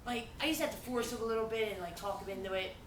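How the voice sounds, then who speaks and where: A woman's voice: mid-range voice, rapid-fire. Rambling woman telling stand-up stories. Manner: rambling, laughing through her stories. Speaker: stand-up comedian. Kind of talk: stand-up storytelling. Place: event venue. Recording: echoey room, far from mic, loud noise.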